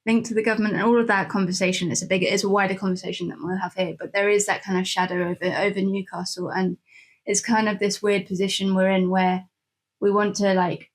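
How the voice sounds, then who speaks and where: A woman's voice: mid-range voice, flat delivery, fast. A woman co-hosting a football podcast, thinking aloud in a thoughtful, hedging way. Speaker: podcast co-host. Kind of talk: casual football podcast chat.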